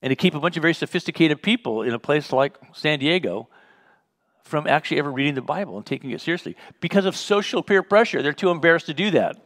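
A man with a fairly high, bright voice leads a Bible study at a fast, animated clip. He teaches conversationally, telling personal stories and acting out remembered dialogue with a chuckle.

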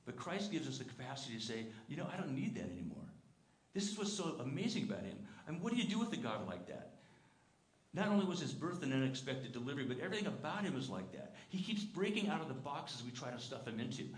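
Speaking fast, this male pastor preaches with earnest emphasis, going quiet and low whenever the words turn tender. His storytelling is lively, full of animated character voices in the quotes. Faint room noise hangs in the echo of the church sanctuary.

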